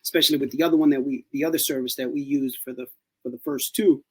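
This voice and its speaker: A podcast co-host chats casually in a husky, mid-range voice at a quick pace, captured on a rough recording. He tells animated stories and slips into playful put-on voices.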